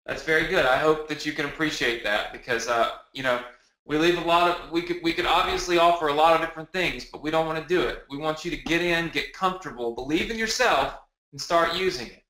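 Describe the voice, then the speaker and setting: A man presenting a live sales webinar from his home, energetic and repetitive, rallying the audience with questions. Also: on the high side, a little fast, echoey room, poor audio. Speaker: webinar presenter selling a product. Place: home office.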